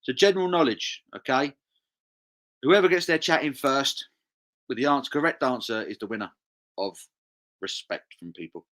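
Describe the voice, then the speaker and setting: A man's voice: mid-range voice, normal speed, pauses often, fairly bright tone. A young man, hosting a charity live stream, casually reading viewer comments aloud and chatting along.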